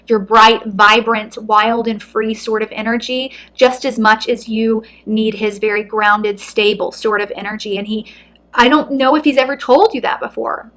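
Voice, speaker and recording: Earnest, gentle woman tarot reader. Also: on the high side. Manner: soft, earnest, emotional. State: close to tears. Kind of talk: intuitive card reading to camera.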